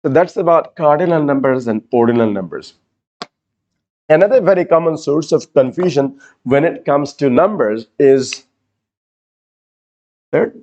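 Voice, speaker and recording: A man's voice: on the high side, lively intonation, normal speed, mellow, muffled recording. A man teaching an exam-prep class, repeating key words and explaining step by step. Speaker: IELTS teacher. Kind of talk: classroom lecture.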